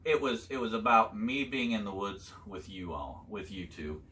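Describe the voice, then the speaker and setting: An older man telling his son hunting stories from years back, in a halting, casual way with many fillers. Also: fairly low pitch, steady tone, pushed and bright. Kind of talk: casual storytelling chat.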